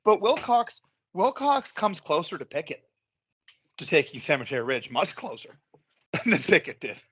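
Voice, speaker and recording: A man's voice: a little high, big pitch swings, moderate pace, a bit bright, slightly rough, no room sound. A man co-hosting a casual history podcast, enthusiastic, laughing often and swearing now and then. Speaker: podcast co-host.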